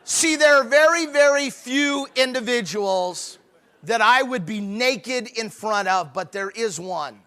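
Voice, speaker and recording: Speaking in a very high, expressive, bright and forceful voice at a slow pace, a man gives a humorous live talk at a marriage conference, blending preachy urging with jokes.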